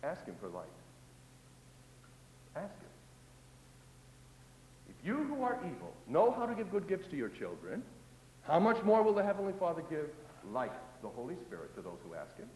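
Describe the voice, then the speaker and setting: A man preaching a sermon in a high, lively voice that rises to loud emphasis and drops to hushed asides. He acts out the voices of doubters and psalm prayers. The sound carries the long echo of a large hall. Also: normal speed, long pauses, a little hiss or hum.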